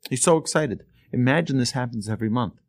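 An animated man preaching a storytelling sermon, his pitch rising and falling as he builds the tale. His voice sits at an ordinary middle pitch, and the sound is dry and close with no room around it. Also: quick pace, no room sound. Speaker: Torah teacher.

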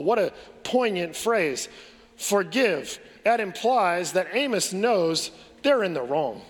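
Guy preaching a sermon, earnest, lots of questions, slightly high voice, big echoey hall. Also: animated, a little slow. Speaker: pastor. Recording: long hall reverb.

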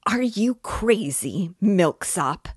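A man's voice: high voice, lively intonation, very slow, slightly rough, no echo, clean studio sound, pitched above the performer's own voice, heavily acted. A woman reading aloud as a pompous man who stammers, squeals and answers impudently when accused. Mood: defensive, sneering. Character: pompous, cornered middle-aged man, sneering.

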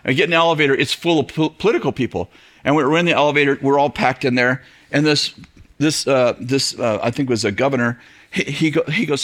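A middle-aged man preaching to a church audience, telling a story in an animated way, acting out quoted voices and laughing often. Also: mid-range voice, a little fast. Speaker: pastor. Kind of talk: storytelling sermon.

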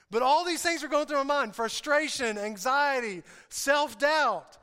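A pastor preaches in a very high, smooth, resonant voice, telling a rambling story with self-deprecating humor and frequent laughs. His sentences stumble and repeat as he goes. The sound carries a long reverb, as from a large hall. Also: normal speed, few pauses, bright, forceful tone. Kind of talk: sermon.

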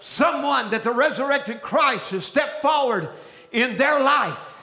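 High, bright-voiced fiery male preacher. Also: lively intonation, slow pace, vocal fry. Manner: shouting and dropping to a hushed low voice. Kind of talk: fiery sermon.

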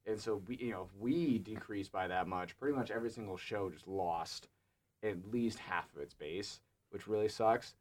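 Young man rambling in relaxed chat. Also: lowish voice, normal speed. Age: young adult. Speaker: student show producer. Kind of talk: casual panel chat.

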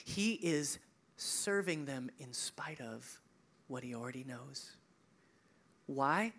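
A male pastor preaching a sermon, conversational and animated, swinging between emphatic peaks and hushed, near-whispered lines. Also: medium pitch, slow pace. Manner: conversational asides, chuckling.

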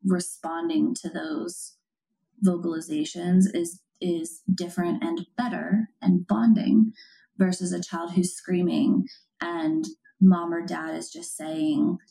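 A woman's voice: fairly low pitch, steady tone, slow pace, vocal fry, mellow, rough recording. A woman hosting a parenting podcast, explaining ideas earnestly in casual conversation with plenty of fillers. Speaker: parent coach, podcast host.

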